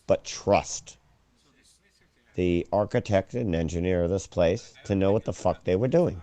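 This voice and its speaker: A man hosting a profane conspiracy chat show, ranting and swearing, now and then shouting mockery. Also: low-pitched, no room sound. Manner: ranting, swears a lot, swings loud and mocking.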